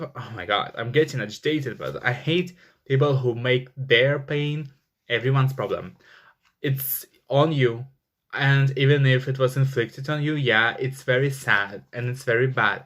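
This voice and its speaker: A man giving a casual tarot reading, rambling with many fillers and flaring into angry swearing. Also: medium pitch. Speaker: tarot reader.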